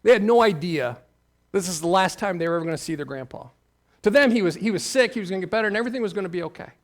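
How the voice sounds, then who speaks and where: A man in his forties, a pastor, telling a personal story in a sermon, his voice dropping low and intimate, then swelling when stirred. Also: animated, rapid-fire. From Ohio.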